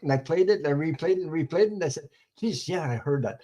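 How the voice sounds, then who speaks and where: A man with a fairly high voice talks in a loose, rambling way, repeating words and circling back. He sounds like a livestream co-host chatting casually over a video call. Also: animated, brisk, darkish tone.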